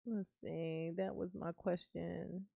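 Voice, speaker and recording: Woman on a livestream, slow easygoing drawl, gravelly voice, swears a lot, chatting with viewers. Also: lowish voice, flat delivery, warm tone, no echo, dull audio. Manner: laid-back, swears freely, breaks into laughter. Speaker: livestream host reading viewer comments. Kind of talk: casual livestream chat.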